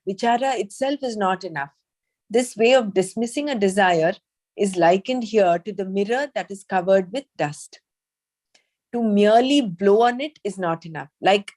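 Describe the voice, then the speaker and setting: A woman leading a study group, reading a text aloud and explaining it with thoughtful pauses. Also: medium pitch, darkish tone. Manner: measured, thoughtful, with hesitant fillers when speaking freely.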